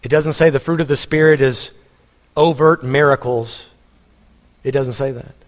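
A man's voice: medium pitch, steady tone, moderate pace. A pastor preaching a sermon in a church hall, earnest and humorous, speaking straight to his congregation. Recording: long church hall reverb.

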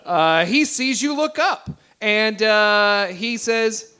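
A man, narrating a tabletop game as game master in a chatty, animated way. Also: high-pitched, slow, clean tone. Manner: animated, chatty, laughing often.

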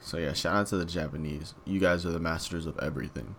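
A young man co-hosting a podcast in casual chat, laid-back and slangy, swearing and trailing off softly. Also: low voice, fairly even intonation, quick pace. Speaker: podcast co-host. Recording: faint background noise.

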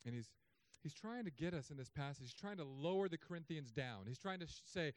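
High-voiced joking pastor, dry sound. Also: male voice, fairly quick, no room sound. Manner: humorous, sarcastic asides with animated swings. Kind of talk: sermon.

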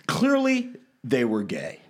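A man on a casual podcast, spinning a long story in an animated, rambling way. His voice sits mid-range and stays even in timbre. He talks like he's chatting with friends. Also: mid-range voice, slow. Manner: animated, rambling storyteller who acts out quotes. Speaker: podcast host.

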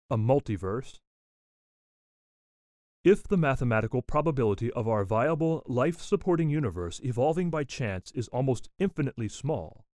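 A man reads a nonfiction text aloud at a steady, deliberate pace, speaking each citation and quote mark along the way. His voice sits at an ordinary middle pitch. The recording is close and dry, with no room sound around it. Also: dry recording. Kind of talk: reading a written article aloud.

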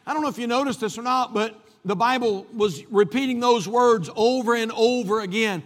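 A man's voice: extremely high pitch, normal speed, few pauses, a bit bright. A man preaching a sermon as pastor, repeating phrases for emphasis, recorded in a church. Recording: long hall reverb.

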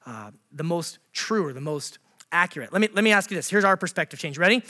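Animated, high-voiced male pastor preaching. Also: fast. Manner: conversational, engages the congregation with questions; animated, laughs at his own jokes. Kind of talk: sermon.

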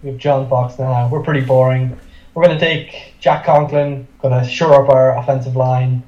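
A man joins the podcast talk with dry, deadpan jokes in a mellow, darker voice. His audio comes through dull and roomy, as if recorded remotely in an echoey space. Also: medium pitch, moderate pace. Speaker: podcast panelist. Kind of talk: casual joking chat.

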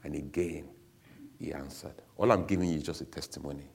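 A man's voice: a bass voice, fairly quick, gravelly, a little hiss or hum. A man giving a candid, emotional personal testimony to an audience, speaking bluntly.

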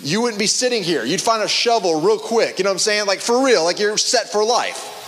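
High-voiced man preaching casually. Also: brisk, big-room sound. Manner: conversational, animated, many restarts and fillers. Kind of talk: casual sermon.

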